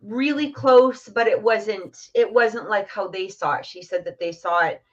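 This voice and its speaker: A woman's voice: mid-range voice, measured pace. A middle-aged woman telling a personal story in a casual, chatty way, full of fillers and restarts. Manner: chatty, many fillers and restarts, laughs often. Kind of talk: casual storytelling on a live stream. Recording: muffled lo-fi stream audio.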